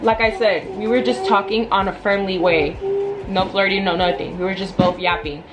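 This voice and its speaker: A woman in her twenties telling a storytime vlog in a chatty, animated way, full of "like" and asides. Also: mid-range voice, moderate pace, heavy background noise. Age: 20s. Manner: animated, chatty, filler-heavy. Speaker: vlogger. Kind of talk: casual storytime.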